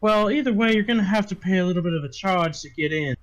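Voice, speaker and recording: A man voicing a pushy woman who owns a brothel, with a shrill high voice. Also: fast, muffled recording, close to an everyday voice.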